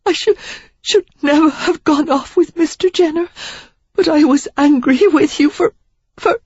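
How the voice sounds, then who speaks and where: A woman reading a romance novel and voicing a young gentlewoman who is crying, gasping and breaking off her words. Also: sits high, measured pace, dry recording, pitched above the performer's own voice. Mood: tearful. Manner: tearful, gasping, breaking off mid-word. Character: young gentlewoman, weeping and ashamed. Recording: dull, dry audiobook recording.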